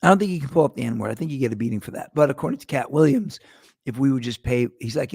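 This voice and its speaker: A man's voice: mid-range voice, animated, fast, gravelly, darkish tone, slightly rough, no room sound, studio quality. A middle-aged man hosting his own show, rambling through a casual monologue with profanity and digressions. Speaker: podcast host.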